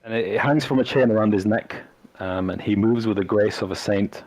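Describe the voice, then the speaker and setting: A man narrating as game master of a tabletop game, in a halting way with frequent restarts. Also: on the low side, a little mellow, low-quality recording. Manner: halting, full of fillers and restarts.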